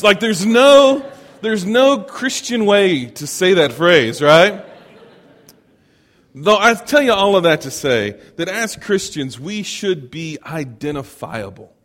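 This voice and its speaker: Animated preacher in a reverberant hall. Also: male voice, a little high, a little slow. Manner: animated, chuckling asides, asks the congregation questions. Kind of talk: storytelling sermon. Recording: long reverb of a large hall.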